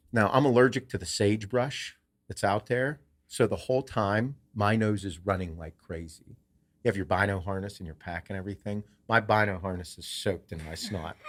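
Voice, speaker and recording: Profane, animated low-voiced man storyteller. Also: normal speed. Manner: animated, swears freely. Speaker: podcast host. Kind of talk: casual storytelling.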